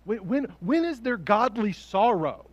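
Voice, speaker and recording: A man preaching a sermon as a pastor, animated, often laughing and acting out voices, swinging from hushed asides to loud peaks. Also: high-pitched, measured pace, no echo, lo-fi sound.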